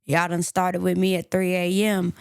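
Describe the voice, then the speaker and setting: A worn-out woman suspect under questioning, defensive and complaining, with a gravelly voice, as a woman puts her on. The sound is close and dry. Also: on the low side, flat delivery, moderate pace, a little mellow, no room sound.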